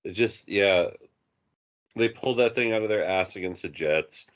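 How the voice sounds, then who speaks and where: A man's voice: on the low side, normal speed, dull audio. A man hosting his own podcast in casual chat, playful and joking. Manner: playful, breaks into silly voices. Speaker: podcast host.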